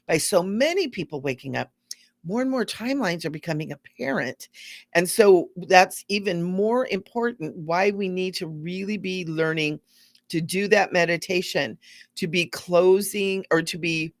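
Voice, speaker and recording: A woman giving a casual, rambling spiritual talk to viewers, gently repeating words for emphasis. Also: fairly low pitch, no echo. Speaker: spiritual teacher hosting a live stream.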